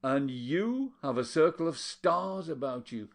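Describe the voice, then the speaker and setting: A man voicing a weary older woman who talks in a slow, sorrowful way. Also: on the high side, sing-song, creaky, pitched above the performer's own voice, heavily acted. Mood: melancholy.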